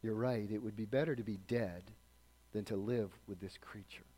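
A man's voice: on the low side, steady tone, normal speed, mellow, close to an everyday voice. Give me a fearful, tormented male ghost, read by a preacher. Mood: resigned.

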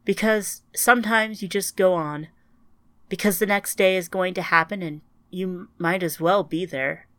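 A woman's voice: lowish voice, steady tone, measured pace, fairly bright tone, no echo. A woman playing a grieving older woman with grandchildren, speaking in an earnest, strained, searching way in an audiobook. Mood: resolute.

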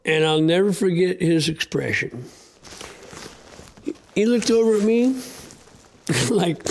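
Gravelly, plain-spoken sled dog racer. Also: male voice, high-pitched, expressive, slow pace, long pauses. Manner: folksy, plain-spoken, with many fillers and restarts; choked up and close to tears at times. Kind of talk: emotional storytelling in an interview.

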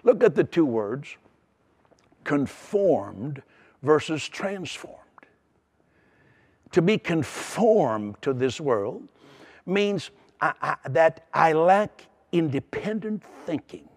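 A man's voice: on the high side, big pitch swings, takes it slowly, darkish tone, slightly rough. A man preaching a sermon in an earnest way, often restarting and repeating words.

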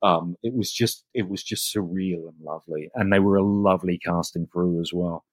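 A man, a guest actor, telling animated stories in a casual interview and often restarting his sentences. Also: sits low, moderate pace, no echo. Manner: animated anecdotes with frequent restarts.

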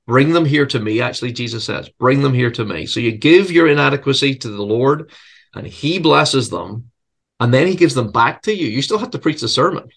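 A male preacher and seminary professor speaks in a conversational interview. His manner is earnest and reflective, lightened by self-deprecating humor, and he often repeats a word while searching for the right phrasing. His voice sits at an average pitch for a man. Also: a bit bright.

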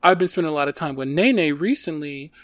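A man's voice: a little high, brisk, dry recording. Chatty man telling stories, dry sound. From Detroit. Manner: animated storytelling, lots of fillers. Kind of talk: casual chat.

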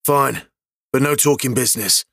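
A male narrator voicing a worn-out old detective, a gruff and grudging drinker, in an audio story. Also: medium pitch, moderate pace, a bit bright, no echo, clean studio sound, voice pushed up. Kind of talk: audiobook character voice.

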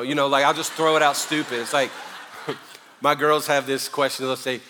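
Middle-aged Southern pastor, lively joking sermon delivery, bright voice echoing through a church. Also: male voice, on the high side, fairly quick. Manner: animated, joking preacher, swings loud and quiet. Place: church sanctuary. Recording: long hall reverb.

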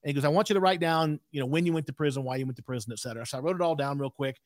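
A man's voice: fairly high pitch, rapid-fire, no echo, studio quality. A man in his sixties, a podcast guest telling a candid story in an emphatic way with frequent asides.

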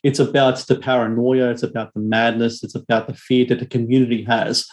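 A man's voice: mid-range voice, flat delivery, brisk. Rambling man chatting about horror films. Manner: rambling, many ums and restarts. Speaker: podcast co-host, horror film reviewer. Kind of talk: casual chat.

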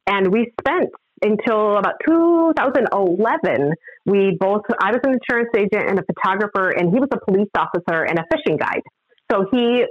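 A woman's voice: medium pitch, no room sound, highs cut off. A middle-aged woman telling a story as a podcast guest, acting out other people's lines. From Upper Midwest of the United States. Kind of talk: animated storytelling.

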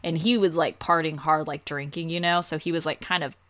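A woman's voice: low-pitched, steady tone, brisk, fairly bright tone. A woman co-hosting a podcast, chatting casually and animatedly about a reality show, with lots of fillers. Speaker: podcast co-host.

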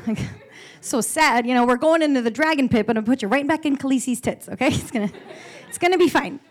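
Brash, profane woman doing stand-up. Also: a little high. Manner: brash, profane, animated storytelling. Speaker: stand-up comedian. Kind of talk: stand-up comedy set.

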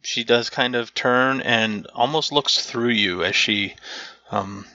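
Slow, gravelly game master on a lo-fi mic. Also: male voice, mid-range voice, sharp tone, no echo. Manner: unhurried, searches for words aloud. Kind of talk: narrating a tabletop game.

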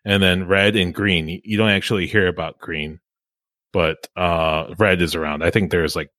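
A man hosting a podcast in casual chat, chatty and quick to laugh, often trailing off mid-sentence. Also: deep voice, steady tone, fairly bright tone, no room sound. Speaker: podcast host.

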